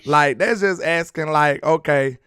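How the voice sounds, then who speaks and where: A man's voice: a little high, unhurried, fairly bright tone, clear, resonant tone, no room sound, studio quality. Laid-back slangy man hosting a sports stream. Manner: laid-back slangy banter, laughs often. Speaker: sports talk livestream host. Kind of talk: casual live chat reading comments.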